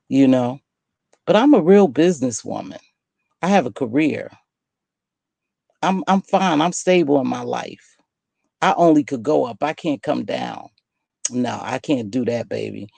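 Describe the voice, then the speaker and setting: A woman's voice: a bass voice, animated, unhurried, gravelly, mellow, slightly rough, dry recording. A woman hosting her own online channel, delivering a defiant, emphatic direct-to-camera rant that scolds someone. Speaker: online video host.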